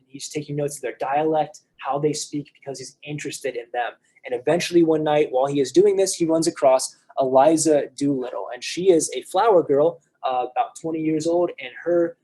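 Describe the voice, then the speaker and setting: A young American man leads a church class in an easy, chatty way, often restarting his sentences. His voice sits a little high for a man. The tone is mellow and slightly husky. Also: low-quality recording. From United States. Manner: conversational, frequent restarts and fillers. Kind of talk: casual lecture on a play.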